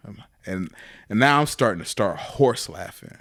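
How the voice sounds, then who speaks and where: A man's voice: fairly low pitch, animated, normal speed, creaky, a bit bright. A young man, telling a profane, laughing story as a podcast co-host. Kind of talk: casual storytelling.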